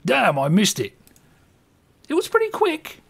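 A man voicing a cheery male mudlark in a bad put-on English accent, high and swooping. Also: wildly swooping pitch, unhurried, vocal fry, husky, heavily acted. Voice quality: high, sing-song, swooping.

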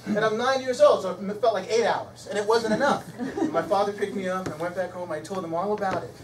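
A middle-aged man, a musician and guest speaker, tells a personal story in a lively lecture, swinging between loud excitement and hushed emotion. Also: high voice, fairly quick. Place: lecture hall. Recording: echoey hall from far off, noisy.

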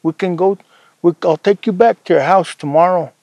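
A man voicing a hungry male ghost who coaxes a child away, speaking low and drawn out in a told folk tale. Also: moderate pace, darkish tone, no echo. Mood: coaxing.

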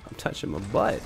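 A man's voice: medium pitch, creaky, fairly bright tone. A man with a cold, coughing now and then while casually commenting on his live gameplay and chatting to teammates and viewers. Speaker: gaming streamer.

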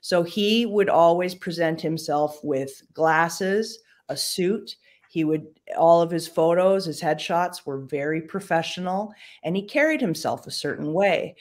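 A woman's voice: on the low side, a little slow. A woman actress chatting casually as an interview guest over a livestream video call, loose and full of fillers.

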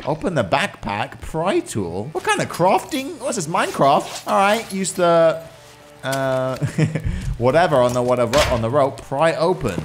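A man doing excitable let's play commentary, reacting and repeating game dialogue. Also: on the high side, unhurried. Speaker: gaming YouTuber. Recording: over game music.

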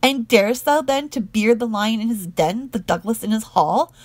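A fierce old earl read by a woman speaks sternly and with wrath. The voice has a gravelly edge and is heard close and dry, like an audiobook of old verse. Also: on the low side, a little slow, no room sound. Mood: wrathful.

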